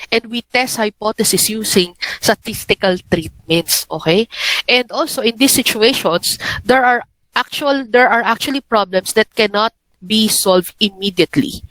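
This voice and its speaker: A woman's voice: fairly high pitch, fairly bright tone, dry recording, poor audio. A young adult woman with a Filipino accent, a university professor lecturing and often checking in with "okay?". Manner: frequent checking "okay?" with students. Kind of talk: lecture mixing English and Filipino.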